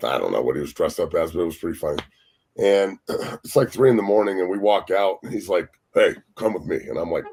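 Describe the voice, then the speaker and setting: Husky low-ish guy cussing his way thru a party story, acts out every quote. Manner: profane, animated, acts out quotes. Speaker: former pro football player telling stories as a guest. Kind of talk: casual storytelling on a sports talk show.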